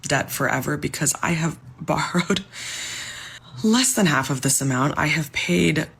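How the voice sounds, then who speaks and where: A young woman with a low, gravelly voice and a husky edge, talking straight to the camera about her own situation. She sounds frustrated and explains things at length, sometimes falling to a whisper. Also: measured pace, a bit bright. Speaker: civil servant telling her story. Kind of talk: personal testimony video.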